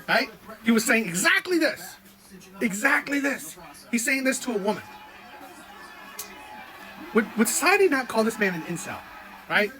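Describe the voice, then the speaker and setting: A man with a strikingly high voice rants through reaction commentary at a quick clip. He argues his points hard and keeps asking "right?" to press them. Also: bright, forceful tone, low-quality recording. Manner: argumentative, repeats "right?" often. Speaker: reaction channel host.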